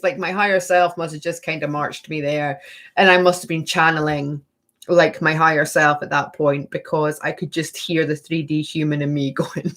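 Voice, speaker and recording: A woman in her thirties hosting a spiritual workshop live stream, chatting with viewers and tagging sentences with okay and right. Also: on the low side. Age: 30s. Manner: laughs often between sentences. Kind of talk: live stream chat answering viewer questions.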